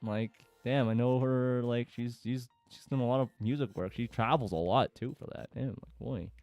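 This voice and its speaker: A man's voice: medium pitch, normal speed, darkish tone, no room sound, faint music behind. A man casually reading forum posts aloud and commenting, with lots of fillers and chuckles. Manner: chatty, with frequent fillers and laughter.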